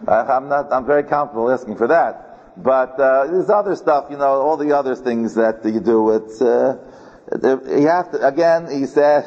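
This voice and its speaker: A man's voice: medium pitch, normal speed, darkish tone. A man teaching a Torah class as a rabbi, telling a personal story in a chatty way, often repeating words and chuckling. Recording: dull recording in a reverberant hall.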